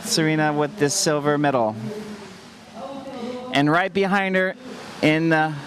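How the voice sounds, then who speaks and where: A male race announcer calls finishers at an outdoor event in an excited, announcing manner, with a slightly high voice. A busy crowd can be heard clearly behind him. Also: measured pace. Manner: excited, announcing, repeats "ladies and gentlemen". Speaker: race commentator. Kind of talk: live sports commentary.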